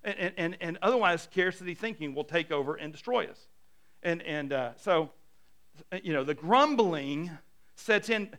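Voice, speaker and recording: A middle-aged man preaching a sermon as a pastor, animated and self-deprecating, swinging between hushed and loud. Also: a little high, moderate pace.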